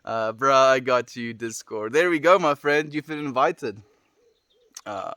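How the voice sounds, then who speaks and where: Gentle South African man, dry sound. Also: medium pitch, unhurried, smooth, dry recording. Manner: gentle, affirming, soft trailing endings. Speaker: livestreamer. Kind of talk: casual livestream chat with viewers.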